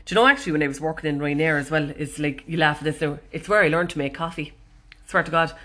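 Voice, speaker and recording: Speaking fast in a low-pitched voice with a fairly bright tone, an Irish woman with a Cork accent hosts a podcast. She tells stories in a casual, chatty monologue, mocking herself and swearing constantly.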